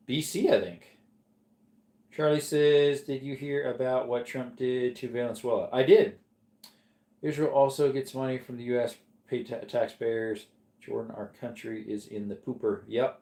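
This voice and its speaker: A man's voice: mid-range voice, dark tone. Male streamer, casual and chatty, reading chat from home; reverberant room sound. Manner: laid-back, chatty, answers viewer comments. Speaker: livestream host reading chat. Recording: echoey room.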